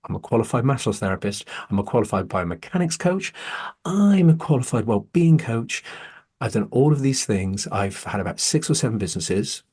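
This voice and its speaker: A man's voice: on the low side, expressive, brisk, few pauses, darkish tone, breathy edge. A man, hosting a podcast and talking candidly and earnestly, swearing when heated. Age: 40s. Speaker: podcast host. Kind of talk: candid casual conversation.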